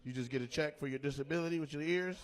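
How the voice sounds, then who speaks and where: A man doing stand-up crowd work in a comedy club, loud and teasing, and slipping into playful mock voices. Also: a little high, rapid-fire, a little hiss or hum. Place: comedy club stage before a live audience.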